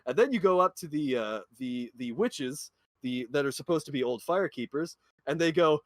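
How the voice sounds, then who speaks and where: A man's voice: a little high, animated, moderate pace, no echo. A man in a casual podcast chat, passionately ranting about a game. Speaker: podcast co-host or guest.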